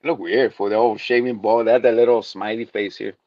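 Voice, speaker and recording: A man's voice: on the low side, fairly even intonation, quick pace, no room sound, highs cut off. A man co-hosting a casual comedic TV recap chat who laughs a lot and retells scenes in put-on voices. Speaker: podcast co-host.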